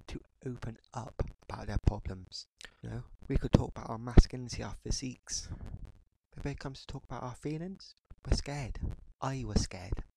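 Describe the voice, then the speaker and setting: A man in his thirties hosting a podcast, ranting in a frustrated, halting way and often pausing on "you know". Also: on the low side, vocal fry, very noisy. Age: 30s. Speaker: podcast host. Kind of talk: podcast rant monologue.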